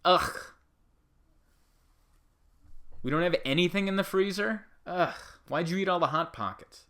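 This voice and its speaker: A man's voice: high voice, measured pace, fairly bright tone, voice pushed up. A man doing whiny kids griping at dad. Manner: whining. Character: whiny young kids complaining to their dad.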